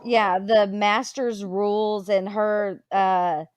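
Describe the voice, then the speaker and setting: A woman's voice: mid-range voice, steady tone, takes it slowly, slight background noise. A woman in a casual panel chat who reacts bluntly.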